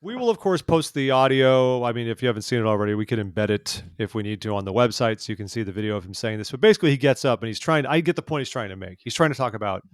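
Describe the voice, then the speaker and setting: Male podcast co-host, casual hesitant delivery, mid pitch, dry close recording. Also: lively intonation, fast, hardly any pauses, no echo. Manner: conversational, hesitant with fillers and restarts. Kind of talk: casual news discussion.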